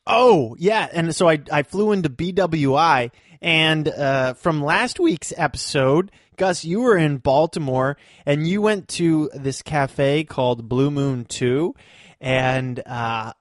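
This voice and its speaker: A young adult man co-hosting a casual podcast, telling stories slowly and laughing easily. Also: fairly high pitch, no room sound, clean studio sound. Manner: slow-talking, laughs easily, chatty storyteller. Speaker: podcast co-host. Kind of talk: casual chat.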